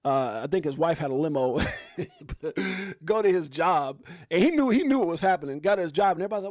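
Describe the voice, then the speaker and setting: A Chicago man rattles along at a breakneck clip as he hosts a casual livestream, shouting out his viewers. His voice sits high and stays excitable, and the sound is dry and close to the mic. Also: racing, no echo. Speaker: livestream host. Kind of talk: hyped casual livestream chat.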